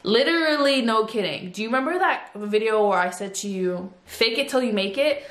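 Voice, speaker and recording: A woman in her twenties chatting at home into a phone, telling a casual storytime in an animated way. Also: fairly high pitch, moderate pace, echoey room. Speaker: vlogger.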